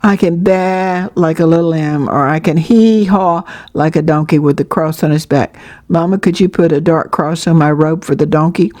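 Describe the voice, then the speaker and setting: A woman's voice: low-pitched, moderate pace, darkish tone, natural voice. A woman voicing an eager, talkative little boy who runs his words together.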